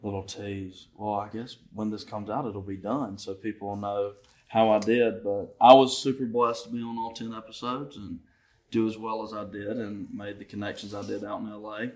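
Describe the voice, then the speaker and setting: A man's voice: fairly low pitch, little pitch movement, moderate pace, darkish tone. Brash young Southern man telling stories. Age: young adult. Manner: brash storytelling, swears freely. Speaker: guest. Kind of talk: casual chat.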